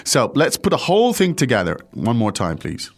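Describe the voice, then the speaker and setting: A man co-hosting a podcast lesson on Mandarin, playful and lively, drawing words out to demonstrate them. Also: mid-range voice, moderate pace. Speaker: podcast co-host teaching Mandarin. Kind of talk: casual language lesson.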